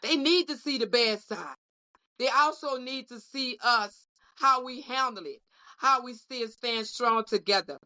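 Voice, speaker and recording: Woman, high bright voice, emotional, preacher-like repetition, muffled lo-fi sound. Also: a little slow. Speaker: co-host representing a union caucus. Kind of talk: heartfelt closing remarks on a podcast panel. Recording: dull lo-fi audio.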